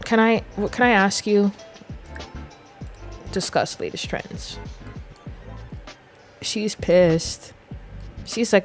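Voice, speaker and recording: A woman's voice: mid-range voice, slow pace, pauses often, faint music behind. A woman in her twenties giving chatty, giggly live commentary as she plays a game and talks to her viewers. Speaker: game streamer. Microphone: desk mic.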